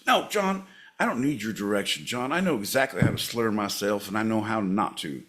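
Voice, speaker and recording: A man with a slightly low voice, co-hosting a comedy podcast. He trades crude, sarcastic jabs, and now and then he blows up into loud shouting. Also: lively intonation, a little fast, hardly any pauses. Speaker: podcast co-host.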